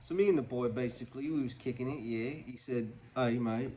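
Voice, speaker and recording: A man's voice: mid-range voice, fast talker, warm tone, slight background noise. A man doing a joking, slangy comedy monologue, rambling playfully from one aside to the next. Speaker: comedy vlogger.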